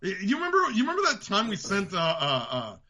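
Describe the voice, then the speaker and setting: A man with a New York accent hosting a podcast, ranting about politics in a profane, fast, heated way. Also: high-pitched, wildly swooping pitch, bright, forceful tone. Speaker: podcast host. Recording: dull lo-fi sound.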